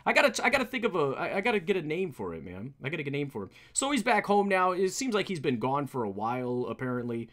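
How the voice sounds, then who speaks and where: A man casually recapping a comic book, rambling and animated with many restarts. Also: fairly high pitch, fairly quick. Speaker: comic book reader, streamer.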